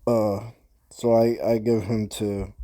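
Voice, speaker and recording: A young man with a lowish voice tells a rambling gaming story in slow, drawn-out speech. He is casual and slangy and swears constantly. It sounds like a relaxed storytime recorded in his own room. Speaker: gamer recapping a session.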